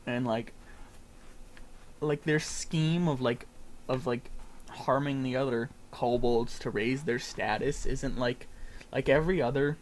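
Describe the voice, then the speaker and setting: A man's voice: medium pitch, measured pace, pauses often, a little hiss or hum. A man casually commenting on a game he is streaming, rambling with a lot of filler words. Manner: rambling, heavy use of filler "like".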